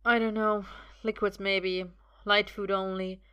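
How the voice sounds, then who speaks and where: A woman's voice: medium pitch, level tone, unhurried, bright, forceful tone, smooth, muffled recording. A woman reading aloud, voicing a young male sorcerer who is weakened but stubborn, talking in a strained, joking way. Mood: weak wry. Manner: joking and strained, a little breathless. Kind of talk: audiobook reading.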